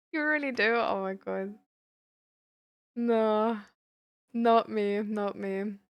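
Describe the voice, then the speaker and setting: A young woman from Germany with a light German accent, chatting casually with her live-stream audience and laughing often. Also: medium pitch. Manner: giggly, chatty, reacts to chat.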